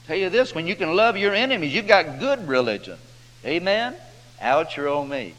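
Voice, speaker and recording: A man's voice: sits high, lively intonation, brisk, fairly bright tone. Folksy preacher man in an echoing hall. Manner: folksy drawling preacher who acts out the characters' voices. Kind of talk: folksy sermon storytelling. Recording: hall reverb with faint hum.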